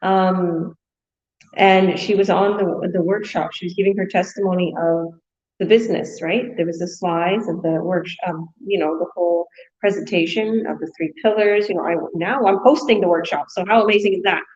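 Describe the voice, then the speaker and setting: Woman coach hosting a live webinar, gushing and chatty, low-ish voice, dull lo-fi sound. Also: steady tone, moderate pace, a little mellow. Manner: chatty, effusive, many fillers.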